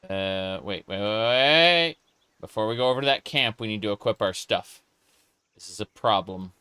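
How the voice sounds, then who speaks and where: This gaming streamer's voice is lowish, expressive, and sharp, moving at a moderate pace in a clean, dry recording. He offers casual live commentary on his gameplay, playfully reading chat and joking in character.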